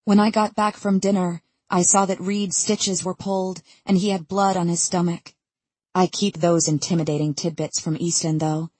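A woman narrates a novel in the first person with a husky, slightly low voice. Her telling is tense and urgent. The recording is close and dry, with no room sound at all. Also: level tone, moderate pace, a little mellow, dry recording. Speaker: audiobook narrator.

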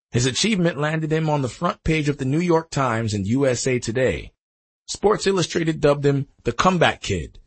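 Raspy, gravelly male audiobook narrator. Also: mid-range voice. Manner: dramatic storytelling with emphatic swells. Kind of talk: scripted narration.

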